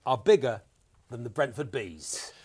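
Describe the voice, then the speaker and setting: A man's voice: medium pitch, animated, a little slow, a little mellow, breathy edge. A man hosting a comedy football quiz, playful and teasing toward his guests. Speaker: quiz show host.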